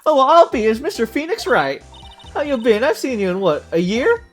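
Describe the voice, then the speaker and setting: A man's voice: high-pitched, a little fast, faint music behind, pitched above the performer's own voice. A man voicing a brash young woman photographer with a put-on Southern drawl, reading game dialogue aloud on a stream. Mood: excited. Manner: loud, folksy drawl, excited.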